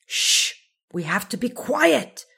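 A woman's voice: fairly high pitch, big pitch swings, slow, creaky, pushed and bright, husky, voice pushed up, exaggerated voice. A woman voicing a small, fussy male creature who speaks in a precise, correcting, know-it-all way in a storybook reading. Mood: matter-of-fact. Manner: precise, correcting, matter-of-fact.

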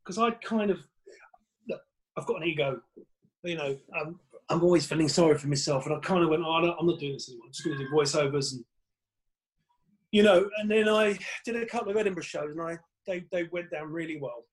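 A man's voice: a little high, fairly quick, rough recording. A man, a comedian guest on a podcast, telling rambling anecdotes in casual chat with plenty of swearing.

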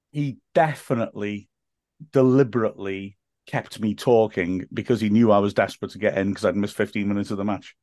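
A man who works as a football commentator, telling stories as a podcast guest in lively, laugh-filled casual chat. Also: lowish voice, no echo, studio quality. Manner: animated storyteller, laughs often, acts out quotes.

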